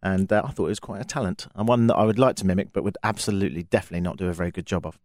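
A man's voice: deep voice, racing, few pauses, darkish tone, no room sound, faint music behind. A young British man hosting a radio show, chatting casually and jokily straight to his listeners. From Britain. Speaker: radio host.

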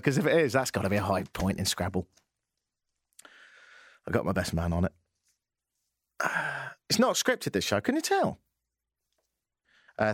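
With a medium-pitched voice and no room sound, a man with an English accent hosts a relaxed radio talk show from the studio. He chats, cracks jokes, and wanders off on tangents.

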